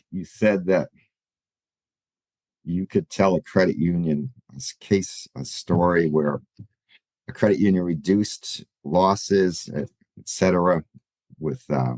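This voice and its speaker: A man with a very deep voice hosts the interview. He builds his questions in a stop-start way and repeats words. The sound is dry and close, with no room echo. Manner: halting, repeats words while forming questions. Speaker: podcast host.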